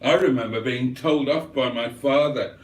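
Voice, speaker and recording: A man's voice: mid-range voice, normal speed, roomy sound, a little hiss or hum. A man hosting a livestream, reading viewer comments aloud in a casual, chatty way and chuckling often. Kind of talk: casual chat.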